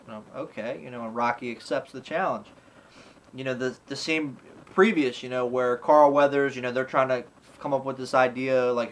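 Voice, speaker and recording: A man talks through his thoughts on an old favorite film in a loose, rambling way. His voice sits at a middling pitch, and his sentences keep looping back through "you know" and "like" as he acts out bits of dialogue. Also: moderate pace, a bit bright, poor audio. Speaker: movie reviewer. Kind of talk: casual spoken film review.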